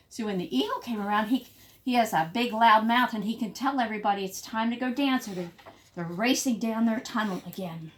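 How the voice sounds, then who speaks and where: A woman's voice: fairly high pitch, fairly quick. A woman teacher reading a children's story aloud, adding casual explanations between the lines.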